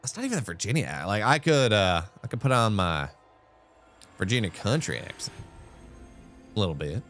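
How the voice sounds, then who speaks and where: A man doing live-streamed esports commentary, animated and chatty with rambling asides. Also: on the low side, moderate pace, faint music behind.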